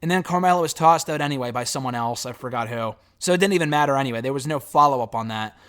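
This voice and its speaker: A man's voice: medium pitch, fast, fairly bright tone, clean tone. A man giving a casual spoken review of a reality show, blunt and sarcastic, swearing freely as he recaps.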